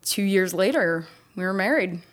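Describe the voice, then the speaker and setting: A young woman co-hosting a podcast tells a story animatedly in casual chat, laughing often. Her voice is medium in pitch and her speed normal.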